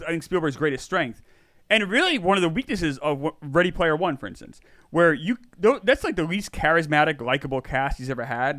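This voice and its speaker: A man's voice: a little high, fairly bright tone, dry recording. A man in his forties co-hosting a movie podcast, talking in an earnest, self-deprecating way. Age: 40s. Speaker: podcast co-host. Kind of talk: casual movie chat.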